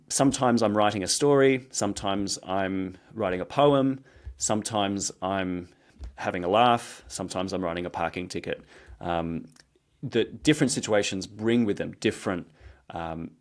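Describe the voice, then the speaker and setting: An Australian man, a guest scholar, explaining ideas in relaxed conversation with dry humor. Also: low-pitched, moderate pace.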